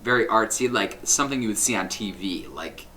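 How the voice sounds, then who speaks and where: Bright-voiced young man, self-critical rambling. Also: fairly low pitch, animated, fairly quick, a little hiss or hum. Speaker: Minecraft builder and YouTuber. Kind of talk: casual gameplay commentary.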